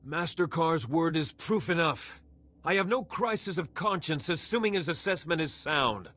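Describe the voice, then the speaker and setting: A man's voice: a little high, lively intonation, moderate pace, bright, forceful tone. An actor playing a proud, zealous male Jedi Knight in a video game, who speaks in a righteous, combative way.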